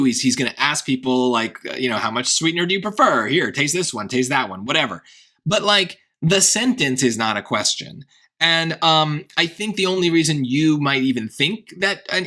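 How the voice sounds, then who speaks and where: A man with a fairly high, bright, forceful voice explains a test question in a loose tutoring walkthrough. He thinks aloud, restarts his phrases and keeps checking in with the listener. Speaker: SAT tutor.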